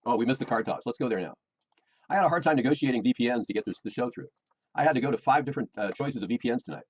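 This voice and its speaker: A middle-aged man from the United States complains about his personal life, rambling, defensive, and repeating himself. His mid-range voice is animated and very fast, slightly rough, on a low-quality recording.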